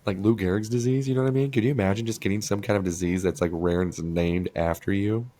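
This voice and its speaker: Crude deep-voiced podcast guy. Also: fast. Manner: crude, animated storyteller, acts out quoted voices. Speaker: podcast co-host. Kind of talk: casual podcast chat. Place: small studio room.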